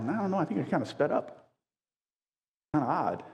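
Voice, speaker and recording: High-energy older male preacher, reverberant hall. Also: animated, quick pace, darkish tone. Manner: high-energy, emphatic preaching with folksy asides. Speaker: pastor. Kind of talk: sermon. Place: church sanctuary. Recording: long church reverb.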